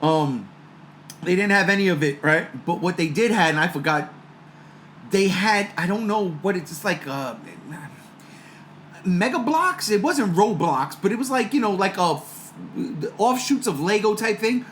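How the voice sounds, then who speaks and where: A man hosting a casual fan chat, excitable and laughing as he talks. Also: high voice, a little slow, a little hiss or hum. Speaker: podcast host.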